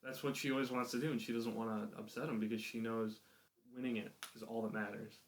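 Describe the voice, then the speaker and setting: A man's voice: fairly low pitch, steady tone, fast talker, a little hiss or hum. A man co-hosting a podcast, chatting casually and analyzing a reality show with his co-host. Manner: conversational, analytical comments and questions.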